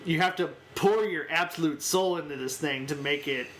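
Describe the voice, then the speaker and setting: A man co-hosting a casual film-discussion podcast, relaxed, laughing easily and searching for words. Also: on the high side, moderate pace, a little hiss or hum, poor audio. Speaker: podcast co-host.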